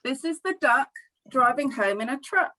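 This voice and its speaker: Woman, middle-aged, high voice, storytime reader, animated, video call. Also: normal speed, low-quality recording. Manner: animated, expressive, friendly. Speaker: storytime session leader. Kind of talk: reading a picture book aloud to young children.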